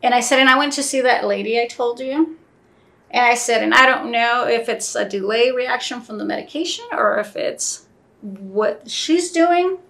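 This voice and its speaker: A woman's voice: fairly high pitch, steady tone, fairly quick, creaky, sharp tone. A woman telling a personal story in a casual interview, acting out both sides of the conversations she recalls.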